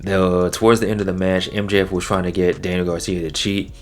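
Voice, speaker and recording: A low-voiced man talks through a wrestling episode in a relaxed, slangy way. He sounds like he is chatting with friends. His pitch jumps up when he gets excited. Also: brisk. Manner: laid-back slangy talk, animated swings in pitch. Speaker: wrestling show reviewer. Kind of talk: casual solo review recap.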